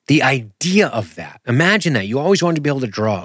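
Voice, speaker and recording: A man hosting a podcast, talking in an animated, rambling, self-deprecating way and throwing in sound effects. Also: mid-range voice, quick pace, husky, no room sound, studio quality. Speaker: podcast host. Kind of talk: casual podcast commentary.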